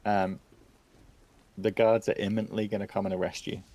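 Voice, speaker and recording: A man running a tabletop game as game master, narrating calmly and matter-of-factly. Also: on the low side, normal speed. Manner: calm, matter-of-fact narration with fillers.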